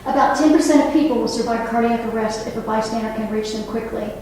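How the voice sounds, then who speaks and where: A woman's voice: fairly high pitch, fast, noisy background. A woman over sixty-five, a nurse, giving an earnest public talk to an audience and turning to the room with asides and questions. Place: library meeting room. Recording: echoey hall, mic from a distance.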